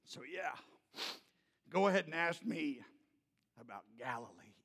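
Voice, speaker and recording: A male pastor telling a story in a sermon, loud and animated, then dropping to soft, gentle tones. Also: a little high, a little slow, creaky, big-room sound.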